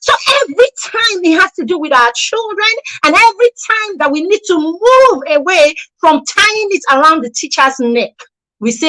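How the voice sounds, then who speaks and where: A woman's voice: very high-pitched, expressive, normal speed, sharp tone, low-quality recording. A woman giving a motivational parenting talk, emphatic and repetitive, full of rhetorical questions and sarcastic asides. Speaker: parenting coach.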